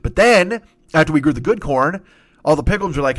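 A man's voice: on the high side, expressive, a little fast, a bit bright. A man hosting a comedy show, riffing through a profane, improvised rant and slipping into silly voices. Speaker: comedy podcast host.

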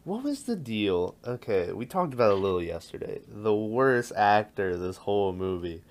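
A man's voice: lowish voice, big pitch swings, moderate pace. A man in casual chat who laughs often and acts out scenes from a movie.

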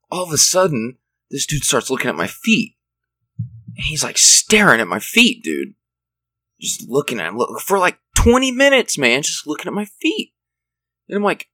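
A young man spins rambling, profane stories in a casual chat. His pitch rises and dips all over the place. The voice is bright and dry, right up close. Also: big pitch swings, moderate pace, no echo, poor audio.

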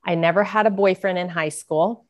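A woman's voice: lowish voice, steady tone, moderate pace, a little mellow, highs cut off. A middle-aged woman, an author guest in a podcast interview, telling a personal story earnestly and acting out the voices of people she quotes.

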